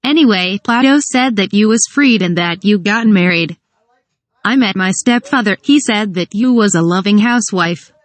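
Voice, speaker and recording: Woman's synthetic voice as a careless young guy, offhand, flat, dry close sound. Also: mid-range voice, moderate pace, dry recording, natural voice.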